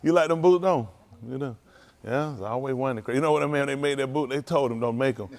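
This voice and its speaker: A man's voice: medium pitch, quick pace, creaky, slight background noise. Folksy preacher man joking with the congregation. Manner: folksy, joking, calls out to the crowd. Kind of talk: casual sermon banter with the congregation.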